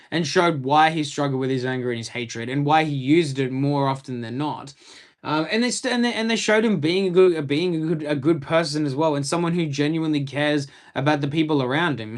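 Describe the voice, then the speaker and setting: A young man with an Australian accent chatting casually on a live stream from a room at home, rambling in enthusiastic fan commentary. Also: on the high side.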